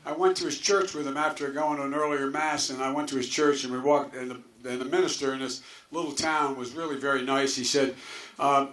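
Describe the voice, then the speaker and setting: A man's voice: medium pitch, steady tone, brisk, a bit bright. An older man from Delaware giving a campaign speech to a crowd, a folksy, rambling storyteller with chuckles and asides. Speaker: political candidate. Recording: echoey hall with faint noise.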